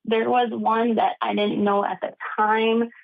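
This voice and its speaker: A young woman tells her story in a casual interview, animated and quick to laugh. Her voice comes through a tinny, phone-like line with a thin, narrow sound. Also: a little high, vocal fry. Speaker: podcast guest.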